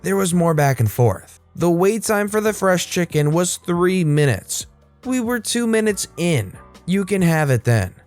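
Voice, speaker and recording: Lively high-voiced man reading stories. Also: measured pace, dry recording, faint music behind. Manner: lively, animated storytelling. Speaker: storytime channel host. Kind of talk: reading online stories aloud.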